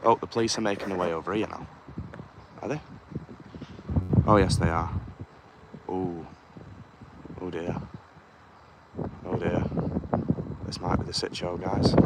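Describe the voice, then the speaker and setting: A man with a fairly low voice streams live from an outdoor car park, holding his phone. He chats in a hushed, conspiratorial way and reads viewers' comments aloud. Urban noise and passing vehicles sit clearly behind him. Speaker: livestreamer.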